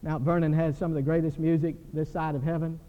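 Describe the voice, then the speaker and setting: An older man preaching a sermon in a church, animated and telling stories. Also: on the high side, fast talker. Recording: dull recording with long hall reverb.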